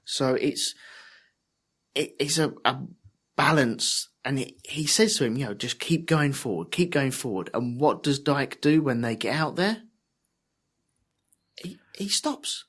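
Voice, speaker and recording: A man's voice: mid-range voice, animated, a little slow, fairly bright tone, slightly rough. A young man co-hosting a podcast in casual, reflective chat that halts now and then. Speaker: podcast co-host.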